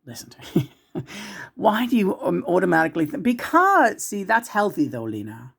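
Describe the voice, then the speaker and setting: A woman talking casually as a psychic channeler about spirits. She rambles, restarts often and swings between loud and hushed. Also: on the low side, big pitch swings, moderate pace, vocal fry, slightly rough.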